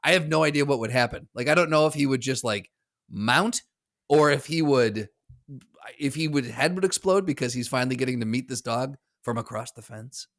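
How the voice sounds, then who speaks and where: A man's voice: medium pitch, a little fast, a bit bright. A man co-hosting a casual podcast, rambling through his stories with restarts and chuckles. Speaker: podcast co-host. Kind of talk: casual chat.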